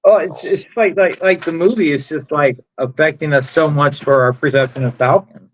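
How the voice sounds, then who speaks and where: A man's voice: on the high side, normal speed, low-quality recording. A man who is a guest on a casual podcast chat, playful and teasing.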